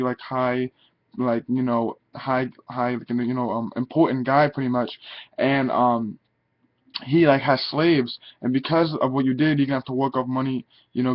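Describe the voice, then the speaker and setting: A man's voice: medium pitch, dull audio. A young man casually reviewing a manga chapter, rambling with lots of "like" and "you know" fillers.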